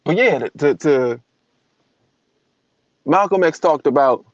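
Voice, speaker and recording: A man's voice: a little high, expressive, slow pace, no room sound, dull audio. A man giving a blunt, profane monologue to camera, acting out other people's voices as he talks.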